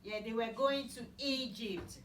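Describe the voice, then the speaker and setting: A woman telling a Bible story to children in simple words, asking them questions as she goes, recorded in an echoey room far from the mic. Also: on the high side. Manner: slow, simple wording, asks children questions. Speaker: Bible teacher.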